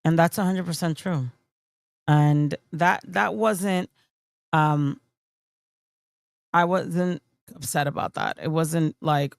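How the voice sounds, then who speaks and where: A woman livestreamer talks bluntly and dismissively, full of fillers and restarts. Her voice is gravelly and creaky. The sound is dry and close, with no room echo. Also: sits low, fairly even intonation, slow, pauses often. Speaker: streamer. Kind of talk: casual livestream commentary. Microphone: streaming mic on camera.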